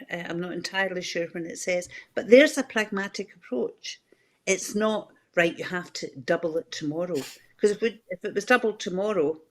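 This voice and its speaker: A middle-aged Scottish woman speaks as a guest commentator on a news programme. Her voice sits fairly low, and she talks candidly and conversationally, pausing on fillers and restarting her sentences. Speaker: political commentator. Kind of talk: live news discussion.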